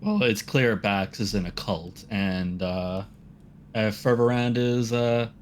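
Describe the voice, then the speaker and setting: A man playing a tabletop role-play game, speaking in a hesitant, halting way with many fillers. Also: fairly low pitch, slight background noise. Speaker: player. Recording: faint background music.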